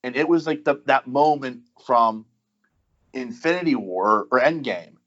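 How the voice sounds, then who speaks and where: A man's voice: medium pitch, a little slow, fairly bright tone, highs cut off. A man, a podcast guest, talking casually and enthusiastically with many restarts and fillers. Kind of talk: casual chat.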